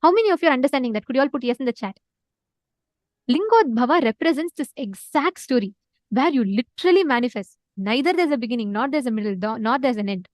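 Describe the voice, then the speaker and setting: A woman with a high voice tells a sacred story to an online class. She talks with lively energy, repeats words for emphasis and uses many filler words. The sound is dry and close. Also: fast, no echo. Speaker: spiritual teacher.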